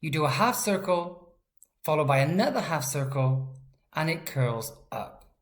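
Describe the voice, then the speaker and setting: A woman's voice: low-pitched, expressive, a little slow. A British woman teaching pronunciation and handwriting, speaking carefully and sounding out each syllable. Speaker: language teacher. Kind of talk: slow instructional tutorial.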